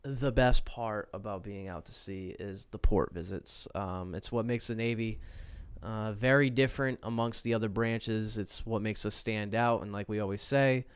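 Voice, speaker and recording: A man with a fairly low, clear and smooth voice, chatting as a podcast co-host. He speaks in a relaxed way and often stumbles and restarts his sentences. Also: normal speed, hardly any pauses. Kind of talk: casual podcast chat.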